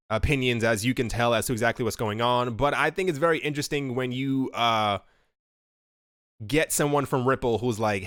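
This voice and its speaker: A man's voice: mid-range voice, fairly bright tone, clean tone, no room sound, clean studio sound. A man commenting casually and with strong opinions on crypto news, talking loosely with many fillers and restarts. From United States. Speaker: crypto video host.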